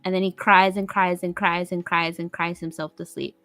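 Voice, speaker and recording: A woman's voice: fairly low pitch, flat delivery, normal speed, a bit bright, dry recording, soft background music. A woman chatting casually on a live stream as a guest, playful and giggly, teasing her viewers.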